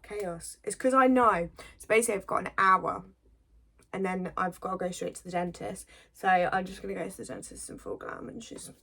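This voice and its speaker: A woman's voice: medium pitch, steady tone, normal speed, creaky, a bit bright, slightly rough. A woman from the English Midlands, a beauty vlogger chatting to viewers like a friend in a get-ready-with-me makeup video, with a slight cold coming on. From English Midlands, near Birmingham.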